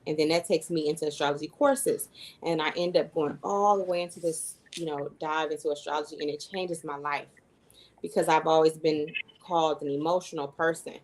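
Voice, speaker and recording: A woman's voice: deep voice, steady tone, a little fast, a little mellow, low-quality recording. A woman in her thirties, a guest coach, earnestly telling her personal story in an interview, with fillers and little self-quotes. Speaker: guest, human design coach and astrologer.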